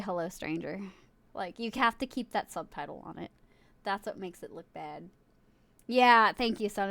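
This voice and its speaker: A woman's voice: mid-range voice, dry recording. A woman streaming live, chatting casually and giggling, swearing freely as she talks to her viewers and a friend in chat.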